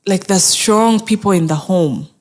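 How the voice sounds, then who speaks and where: A woman's voice: mid-range voice, a little slow. A woman mental health therapist speaking as an interview guest, earnest and encouraging, often acting out people's inner thoughts. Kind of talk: conversational interview.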